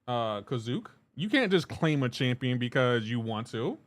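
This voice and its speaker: A man's voice: mid-range voice, very animated, moderate pace. A man live streaming a game, talking loosely with his chat and greeting viewers by name. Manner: talks to chat viewers while playing, loose and chatty. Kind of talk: casual live-stream chat reading comments.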